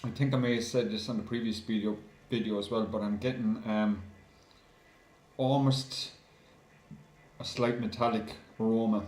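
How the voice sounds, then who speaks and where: A man chatting casually to his viewers in a video review, calling them guys and filling pauses with lots of ums. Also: fairly low pitch, fairly even intonation, darkish tone. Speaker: beer reviewer. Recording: roomy echo.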